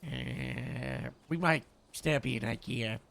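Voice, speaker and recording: A man in character as a police captain, his voice rough with fry. He talks haltingly, stopping and restarting mid-sentence, at an average pitch. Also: a bit bright. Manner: hesitant, full of uh and restarts. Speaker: police captain in role-play. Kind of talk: in-character role-play chat.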